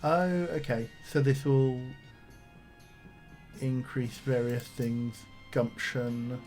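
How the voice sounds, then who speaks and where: A man's voice: medium pitch, level tone, slow pace, darkish tone, faint music behind. Chatty man playing a game. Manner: chatty, reads on-screen text aloud with asides. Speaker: streamer playing a video game. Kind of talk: casual game let's-play commentary.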